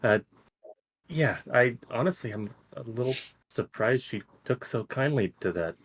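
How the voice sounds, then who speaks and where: A man's voice: medium pitch, lively intonation, a little slow, breathy edge. A man playing a tabletop game, speaking in a hesitant, self-effacing way. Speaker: player.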